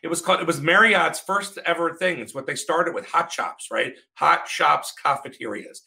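A man's voice: a little high, expressive, moderate pace, creaky, pushed and bright, rough recording. A man, a restaurateur guest, talking emphatically and joking in a casual panel chat.

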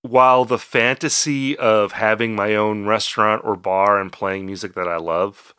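A man's voice: on the low side, steady tone, moderate pace, pushed and bright, clear, resonant tone, dry recording, clean studio sound. A man co-hosting a casual podcast, joking wryly at his own expense. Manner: wry, self-deprecating humor. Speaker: podcast co-host.

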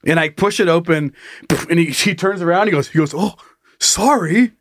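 High-voiced man telling a wild story. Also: fairly quick, no room sound, studio quality. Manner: animated, swearing, laughing while telling a story. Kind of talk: casual chat.

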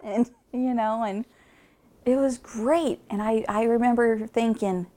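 A woman's voice: a little high, measured pace, dark tone. A woman telling a heartfelt story about her family in an emotional, personal way. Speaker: interviewee, sister of missing woman.

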